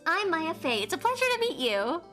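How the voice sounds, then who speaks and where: A woman voicing an excitable, playful young woman sidekick from a game, reading the lines aloud with bright eagerness. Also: very high-pitched, fairly quick, voice pushed up, full character voice. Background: game music.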